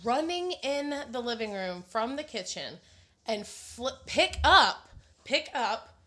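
A woman's voice: on the high side, very animated, takes it slowly, pushed and bright. Mom co-host in her thirties; blunt, giggly storyteller with a potty mouth. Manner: laughing, blunt, swears freely. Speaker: podcast co-host, mother. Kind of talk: casual storytelling chat.

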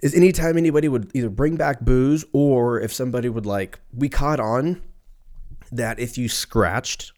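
A man's voice: mid-range voice, normal speed, darkish tone. A man, telling a rambling comic story in a casual, profane way, often breaking off mid-sentence. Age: 30s. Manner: profane, rambling, self-interrupting.

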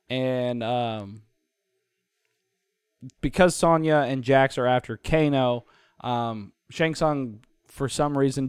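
A man's voice: mid-range voice, clear, resonant tone, dry recording, studio quality. A man co-hosting a casual podcast, rambling through a movie plot with frequent laughs and swearing. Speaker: podcast co-host. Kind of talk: casual chat, recapping a movie.

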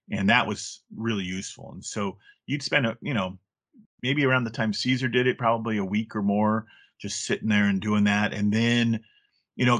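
A man's voice: fairly low pitch, fairly bright tone. A middle-aged man talking casually as an interview guest, rambling with frequent restarts and fillers. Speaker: guest, former game play counselor.

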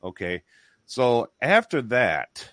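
A man hosting a casual religious discussion, talking in an excited, emphatic, rambling way with many restarts. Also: medium pitch, takes it slowly, dry recording, clean studio sound.

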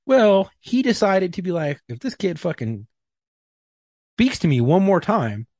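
A man's voice: high-pitched, big pitch swings, measured pace, darkish tone, no room sound, clean studio sound. A man in his thirties co-hosting a podcast, telling a story in blunt, profane casual chat. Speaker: podcast co-host.

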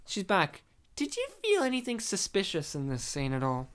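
A woman's voice: on the low side, huge pitch swings, moderate pace, clear, resonant tone. A woman hosting a casual movie-review chat, laughing often and telling stories with animation. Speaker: podcast host reviewing a movie.

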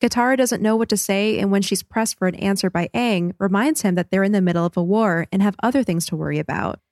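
A woman co-hosting a podcast, recapping an episode in a brisk, cheerful way. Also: medium pitch, a little mellow, dry recording, studio quality. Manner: brisk recap, laughs easily. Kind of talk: casual chat and episode recap.

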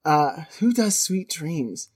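A woman's voice: deep voice, sing-song, slow, darkish tone, breathy edge. A woman on a podcast, chatting casually and joking through a guessing game. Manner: joking, rambling with fillers. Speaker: podcast co-host.

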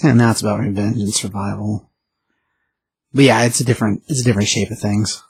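An easygoing man hosting a casual chat. He talks quickly in a husky voice with a dry sound. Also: fairly low pitch, fairly even intonation, a little mellow, dry recording. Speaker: podcast host.

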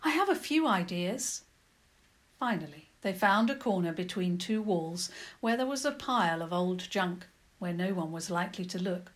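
A woman narrating a children's adventure story in a lively, expressive storytelling manner. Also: fairly low pitch, moderate pace.

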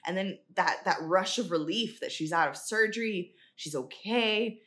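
A woman's voice: mid-range voice, moderate pace, fairly bright tone. A woman co-hosting a podcast, chatting casually and expressively about a book, swearing and laughing along. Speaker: podcast co-host. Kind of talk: casual book-review chat.

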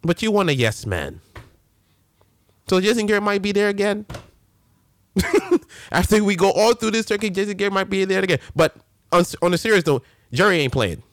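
A man hosting a casual sports rant, animated and full of slang and restarts. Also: high voice, moderate pace, long pauses, dry recording. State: a little winded. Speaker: sports show host.

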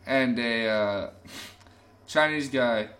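A man with a bright, forceful voice in a loose, rambling podcast chat. He tells jokes and laughs at his own punchlines. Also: medium pitch, slow pace. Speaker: podcast co-host. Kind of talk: casual joke-telling chat.

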